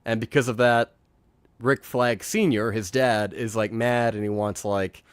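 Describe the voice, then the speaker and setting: A man hosting a live movie review stream, talking in a loose, rambling way with plenty of swearing. His voice sits at an ordinary middle pitch. He sounds close to the mic in a dry, dead room. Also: fairly even intonation, measured pace, clean tone, no echo. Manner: rambling, profane, acts out lines from scenes. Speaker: host. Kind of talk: casual movie review chat. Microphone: remote streaming mic.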